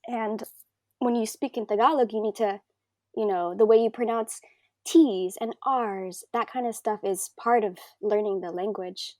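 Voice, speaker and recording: A woman's voice: medium pitch, fairly even intonation, normal speed, darkish tone, no room sound. A young woman with an American accent, chatting animatedly on a casual group podcast and laughing often. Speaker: podcast co-host.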